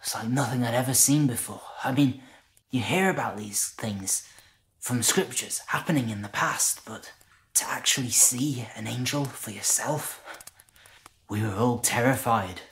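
A man's voice: medium pitch, unhurried, a bit bright, close to an everyday voice. An actor playing a humble male shepherd recalling a night by the fire, in a conversational, hesitant, marvelling way. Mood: reflective. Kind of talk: dramatic monologue.

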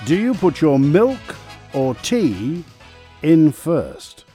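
A man's voice: fairly high pitch, sing-song, extremely slow, dark tone, breathy edge, soft background music. A man hosting a spoof radio phone-in show in a chirpy, wry way. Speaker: radio host.

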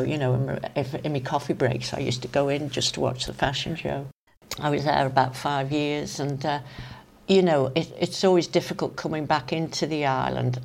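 An older woman with a Manx accent reminisces in a low voice with a gravelly edge. She is a lively storyteller who laughs often and acts out the voices of the people in her tales. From Isle of Man. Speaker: interviewee. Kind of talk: reminiscing conversation.

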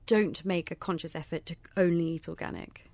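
A woman's voice: fairly low pitch, fairly even intonation, a little fast, a little mellow, no room sound. Woman interviewer asking brief questions.

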